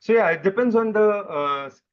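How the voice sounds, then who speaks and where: A young man answering interview questions in a relaxed, explanatory way, often stopping and restarting. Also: high-pitched, moderate pace. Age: young adult. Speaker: interview guest. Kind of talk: casual chat. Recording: dull lo-fi microphone.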